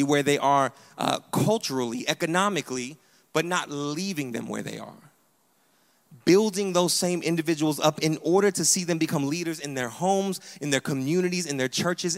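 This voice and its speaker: A man preaching a sermon to his church congregation, animated and emphatic, often urging "hear me". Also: a little high, in a large hall. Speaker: pastor. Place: church sanctuary.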